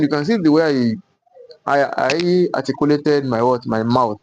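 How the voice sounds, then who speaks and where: A man's voice: on the high side, animated, no echo. A man teaching a Qur'an pronunciation lesson at a board, repeating each letter sound several times and often asking himself "what?" before giving the answer. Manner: slow, repetitive, drills each sound aloud; asks rhetorical "what?" questions. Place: classroom with a board.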